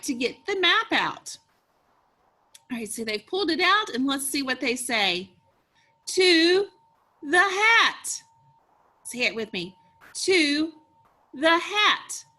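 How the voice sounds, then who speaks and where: Bright-voiced woman teaching little kids to read. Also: fairly high pitch. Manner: slow, encouraging, sing-song prompting. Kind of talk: early-reader phonics lesson for young children.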